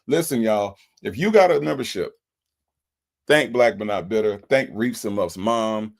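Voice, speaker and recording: A man's voice: fairly low pitch, measured pace, creaky. A man hosts a casual livestream. He sounds emotional and keeps repeating his thanks. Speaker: livestream host. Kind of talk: casual livestream shout-outs.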